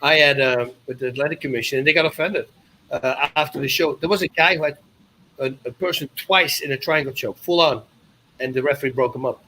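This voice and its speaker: A man in his fifties from the Netherlands with a Dutch accent, a podcast guest telling animated stories with loud exclamations. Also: mid-range voice, a little fast, slight background noise, poor audio. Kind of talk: casual storytelling.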